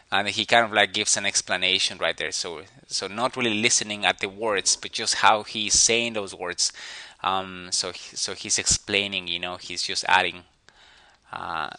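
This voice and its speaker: A man critiques an animation shot as he sketches, thinking aloud in halting phrases full of fillers. His voice sits low with a tense, forceful edge. The sound is dry and close. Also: no echo, rough recording. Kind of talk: portfolio critique while drawing.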